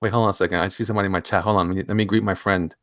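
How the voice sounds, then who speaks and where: A man's voice: deep voice, steady tone, rapid-fire, fairly bright tone, no echo, clean studio sound. A man hosting a casual live stream, jokey and chatty, reading viewer comments aloud and laughing often. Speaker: host.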